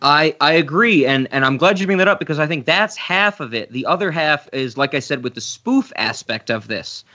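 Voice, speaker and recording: Brief: bright, slightly high man, rambling film-podcast co-host, muffled audio. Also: expressive, a little fast. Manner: rambling, restarts, acts out quotes. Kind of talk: casual film review chat.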